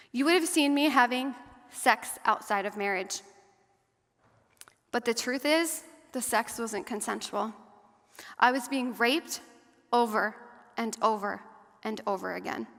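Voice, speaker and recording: In a reverberant large hall or church, a survivor advocate invited as guest speaker shares her testimony with an audience. Her fairly high voice stays earnest and measured, easing and quieting when the story turns difficult.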